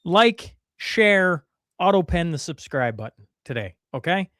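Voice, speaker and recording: A man hosting a casual morning podcast, teasing his co-host with quick, lively asides. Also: fairly high pitch, no echo. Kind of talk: casual morning show chat.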